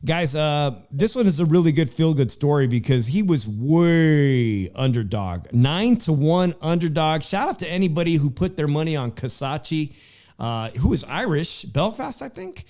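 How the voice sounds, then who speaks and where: A man's voice: a little high, lively intonation, moderate pace, a little mellow. A man hosting a casual boxing talk show, chatty and full of fillers, often addressing his co-host by name.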